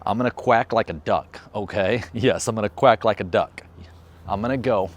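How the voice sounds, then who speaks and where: A man's voice: lowish voice, a little fast, dry recording. A man talking casually in a how-to vlog, upbeat and chatty, switching to short firm commands for his dog. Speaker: vlogger and dog trainer. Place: outdoors training a dog.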